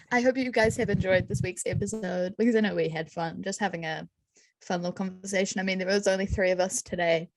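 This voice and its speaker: A woman's voice: mid-range voice, a little fast. An Australian woman co-hosting a podcast, chatting with friends over a video call and rambling through her opinions. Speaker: podcast co-host. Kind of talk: casual chat.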